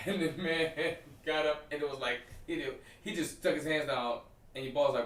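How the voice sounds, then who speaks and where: A man co-hosting a podcast in casual chat, an animated storyteller who acts out the people he quotes. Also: a little high, normal speed, reverberant, recorded from a distance. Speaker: podcast co-host.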